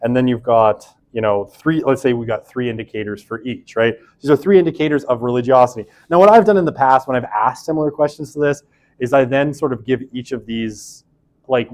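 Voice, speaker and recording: A man's voice: medium pitch, a little fast, a little mellow. Chatty man lecturing a class. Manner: chatty, many fillers and asides, self-deprecating. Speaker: university lecturer.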